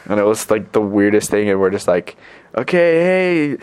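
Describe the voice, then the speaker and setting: A man's voice: on the low side, flat delivery, brisk, a little mellow, clear, resonant tone. Young guy rambling with lots of "like". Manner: rambling, filler-heavy, lots of "like". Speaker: missionary. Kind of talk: casual storytelling to camera.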